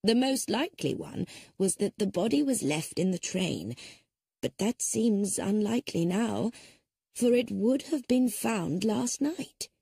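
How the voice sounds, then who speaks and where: A woman's voice: mid-range voice, lively intonation, unhurried, vocal fry, dark tone, husky, no echo, clean studio sound, voice pushed up, heavily acted. A woman voicing an elderly spinster detective who speaks mildly and politely and reasons things through carefully. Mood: gentle, reasoning. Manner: mild, polite, thoughtful reasoning. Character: elderly spinster sleuth, gentle yet sharp-witted. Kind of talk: audiobook character reading.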